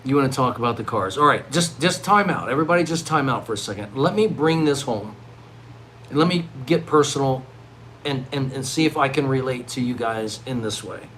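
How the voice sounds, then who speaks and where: A middle-aged man vlogging live in a rambling monologue, swinging from loud, excited outbursts to low mutters. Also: fairly quick, slight background noise, rough recording. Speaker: livestreaming vlogger.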